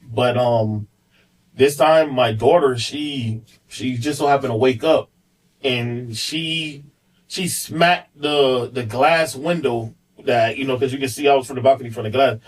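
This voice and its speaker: A man's voice: medium pitch, measured pace, distant mic, rough recording. A man on a podcast, candidly telling a personal story in a rambling way, full of fillers and repeats. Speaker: podcast guest, police officer.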